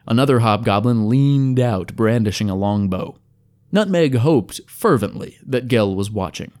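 A man's voice: mid-range voice, lively intonation, a little slow, a little mellow. Man narrating a wry fantasy tale. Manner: wry, storytelling. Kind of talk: scripted narration.

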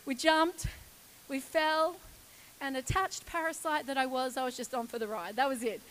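A woman in her forties telling a lively personal story in a sermon, laughing often. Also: high voice, moderate pace, a little hiss or hum, low-quality recording. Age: 40s. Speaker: church speaker.

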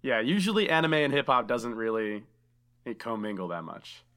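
A man's voice: medium pitch, sing-song, normal speed, a bit bright. A man hosting a casual podcast, chatty and enthusiastic, saying dude a lot. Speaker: podcast host.

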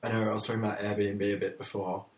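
A man's voice: on the low side, level tone, quick pace. A young man chatting casually about ad ideas, hesitant with many fillers. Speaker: co-host discussing ad ideas. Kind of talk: casual chat. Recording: roomy, distant mic.

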